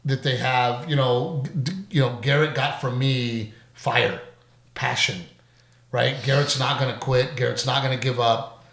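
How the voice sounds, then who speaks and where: A middle-aged man hosting a podcast in casual chat, animated and quick to laugh, with the odd curse. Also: mid-range voice, vocal fry. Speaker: podcast host. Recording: roomy echo.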